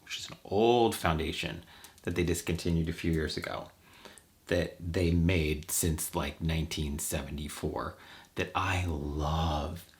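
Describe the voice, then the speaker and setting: Deep, gravelly-voiced man rambling through a makeup chat. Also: fairly even intonation, unhurried. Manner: chatty, rambling, campy asides. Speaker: makeup vlogger. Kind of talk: casual chat while doing makeup.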